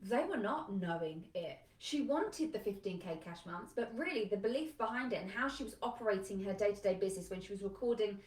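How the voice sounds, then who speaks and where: Energetic woman coaching in an echoey room. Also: mid-range voice, brisk, few pauses. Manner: energetic, emphatic, conversational with lots of "like". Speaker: business coach. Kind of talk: live motivational talk. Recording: echoey room, a bit far from mic.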